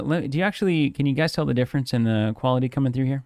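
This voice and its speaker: A man's voice: mid-range voice, rapid-fire, darkish tone, dry recording. A man co-hosting a card game live stream, joking and teasing in casual banter on a studio broadcast mic. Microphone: studio broadcast microphone on a boom.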